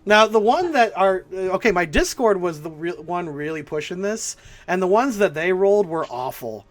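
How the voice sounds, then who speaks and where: A man narrating as game master in a tabletop role-playing game, often stammering and restarting, with quick laughs. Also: high-pitched, expressive.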